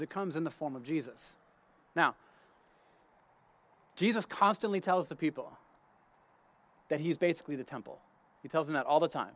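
A man giving a casual spoken Bible teaching outdoors in his garden. He talks conversationally, restarts his sentences and checks in with "right?". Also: on the high side.

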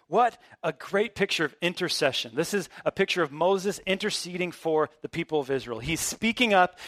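Male pastor, high voice, dry close sound, relaxed but emphatic preaching. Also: no echo. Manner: conversational, emphatic preaching with casual asides. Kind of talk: sermon.

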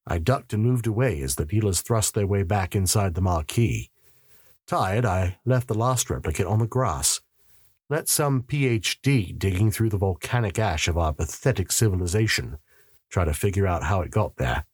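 A man's voice: low voice, expressive, normal speed, husky, no room sound, studio quality. A man narrating a story in the first person with a wry, sardonic manner.

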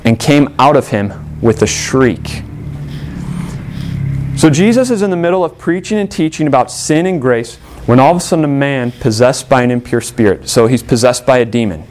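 A man's voice: mid-range voice, animated, moderate pace, darkish tone, a little hiss or hum. A man preaching a sermon earnestly, stressing points with rhetorical questions. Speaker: pastor.

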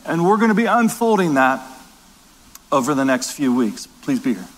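A man's voice: a little high, very animated, moderate pace, in a large hall. A man preaching a sermon as pastor, emphatic and repetitive, in a large church.

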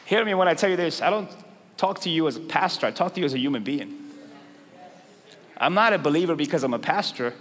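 High-voiced preacher man in a big hall. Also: lively intonation, fast, long pauses, background noise. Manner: conversational preaching with slangy asides, building to loud emphatic peaks. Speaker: pastor. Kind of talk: sermon. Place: large church hall with congregation. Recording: long hall reverb, crowd faintly behind.

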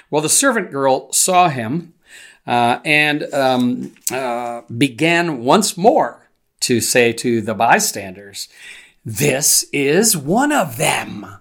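A pastor preaching a verse-by-verse sermon in a conversational teaching manner, reading scripture aloud between plain comments with frequent fillers. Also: male voice, mid-range voice, fairly bright tone. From United States. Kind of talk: expository sermon.

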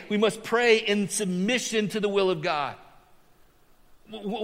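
A middle-aged male pastor delivers an animated sermon. His voice sits high and sounds bright and forceful. It rings out with the long reverb of a church sanctuary. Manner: animated preaching, voice rising for emphasis.

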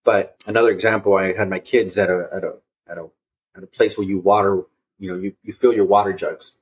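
A man with a low, husky voice speaks as a podcast guest, earnest and reflective. He tells personal stories, circling back over his words and restarting phrases as he goes, and acts out the voices of the people he quotes. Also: fairly even intonation, brisk. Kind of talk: reflective conversational storytelling.

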